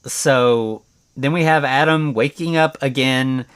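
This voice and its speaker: A man's voice: medium pitch, takes it slowly, fairly bright tone, clear, resonant tone. A man hosting a podcast alone, recapping a film in a rambling, conversational way, with lots of "like" and restarts. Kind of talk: casual solo movie recap.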